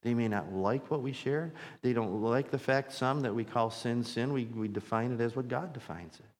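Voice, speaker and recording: A man's voice: medium pitch, moderate pace, big-room sound. A man preaching a sermon as pastor, earnest and repeating phrases for emphasis as his intensity builds.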